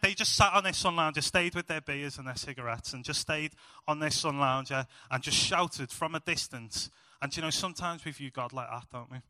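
Brief: young man, preaching, very bright tone, a bit high, dry close sound, chatty and self-mocking. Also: dry recording, long reverb tail. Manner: chatty, self-mocking storytelling with animated asides. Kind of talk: sermon.

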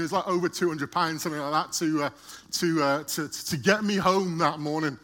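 A man's voice: a little high, steady tone, moderate pace, sharp tone. A man speaking to a church, telling a personal story in a chatty way, often repeating and restarting words. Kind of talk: storytelling sermon.

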